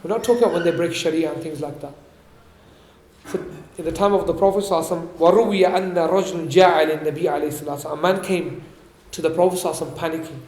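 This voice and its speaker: A man giving a religious talk, explaining points and asking his listeners questions, reciting Arabic quickly before translating it. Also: on the high side, darkish tone, reverberant. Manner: explains and asks the audience questions. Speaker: religious teacher. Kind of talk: sermon. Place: event hall.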